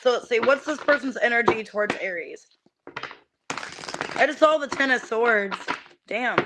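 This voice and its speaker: A woman's voice: on the high side, animated, normal speed, background noise. A young adult woman reading tarot on a live stream, chatting casually with many fillers and greeting viewers by name.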